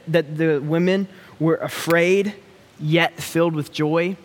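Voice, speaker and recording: A male preacher delivers a sermon in a slow, deliberate cadence, leaning into long pauses. His voice sits a little high for a man, and his tone is earnest and pleading. The sound rings with the long reverb of a large hall.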